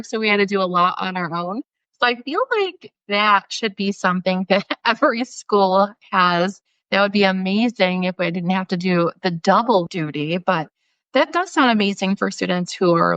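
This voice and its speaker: A woman's voice: medium pitch, a bit bright, no room sound. Woman hosting a podcast, friendly questions, kinda muffled dry audio. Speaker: podcast host. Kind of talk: casual conversational interview. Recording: dull, slightly lo-fi dry sound.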